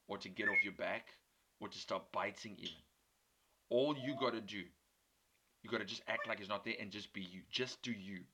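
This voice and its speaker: Man, low voice, preaching, earnest storytelling, emphatic, heavy background noise. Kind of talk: sermon with personal story.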